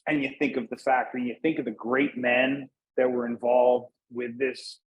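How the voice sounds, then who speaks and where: A man's voice: medium pitch, flat delivery, normal speed, slightly rough, dull audio. A man from Northeast Pennsylvania, a guest in a casual interview, speaking in an easygoing way with "you know" fillers. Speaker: guest, cigar brand manager.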